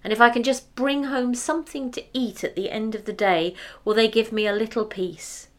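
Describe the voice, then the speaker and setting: A woman's voice: on the high side, normal speed, close to an everyday voice. A woman voicing a timid, put-upon male hunter who rambles and stammers over his words. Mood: fretful.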